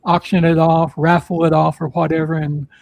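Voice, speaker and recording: A man hosting a casual live podcast, his voice pitched on the high side with a gravelly fry running through it. He rambles through announcements with plenty of "uh" and "you know." The sound is dry and close. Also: little pitch movement, moderate pace, darkish tone, dry recording, low-quality recording. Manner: rambling, filler-heavy announcements. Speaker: podcast host.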